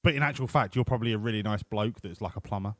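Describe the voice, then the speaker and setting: A man's voice: lowish voice, very fast, slight background noise. A man commentating his game livestream, joking and swearing as he banters with his chat. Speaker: streamer. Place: home room.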